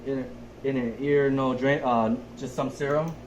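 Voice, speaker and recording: A man's voice: mid-range voice, fairly even intonation, moderate pace. A young adult man, a nurse, talking through a physical assessment step by step in a methodical way. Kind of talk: narrated skills demonstration. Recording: echoey room, faint background noise.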